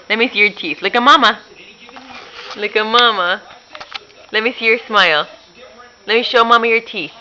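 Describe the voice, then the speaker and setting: Bright-voiced mother coaxing her toddler. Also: medium pitch, slight background noise, rough recording. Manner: playful, coaxing baby talk with frequent laughs. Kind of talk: talking to a toddler at home.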